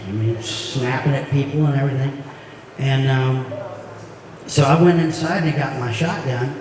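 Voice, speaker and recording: Middle-aged man, slow rambling storyteller, heartfelt, far-off echoey opera hall. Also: mid-range voice, slight background noise. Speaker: singer-songwriter performing a concert. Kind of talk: storytelling between songs. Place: opera house stage.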